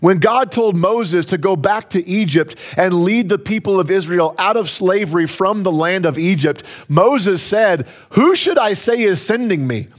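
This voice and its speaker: A man's voice: high voice, expressive, a little slow, hardly any pauses. A man preaching a sermon, emphatic and building to raised peaks, repeating key phrases for effect. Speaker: pastor.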